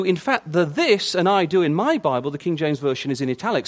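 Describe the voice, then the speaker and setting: Male preacher, fairly high voice, swooping and lively delivery, stammering restarts, questions to the congregation. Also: moderate pace. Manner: animated, asks the listeners many questions; stammers and repeats words at the starts of phrases. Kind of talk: sermon.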